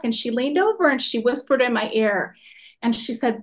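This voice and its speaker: A woman in her forties telling a personal story to a workshop audience in an animated, expressive way. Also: high voice, a little fast. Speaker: workshop speaker.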